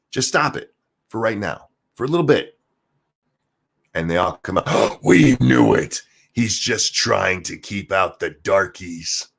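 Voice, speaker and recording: A man hosting his own channel, giving a heated, profane and sarcastic political rant, jumping between loud outbursts and low muttered asides. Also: gravelly. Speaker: streamer and channel host. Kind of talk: angry political commentary rant.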